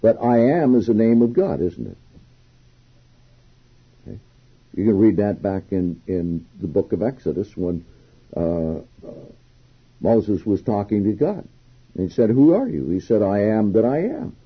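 Husky-voiced man preaching a sermon. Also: fairly low pitch, expressive, measured pace, long pauses, muffled recording. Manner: reads scripture aloud then comments, rising emphatically on quotes. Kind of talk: sermon, Bible exposition.

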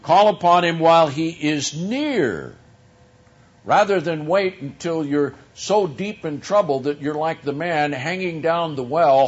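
A man preaching a sermon, teaching from scripture in a slow, deliberate way with drawn-out emphasis. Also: a little high, dull audio.

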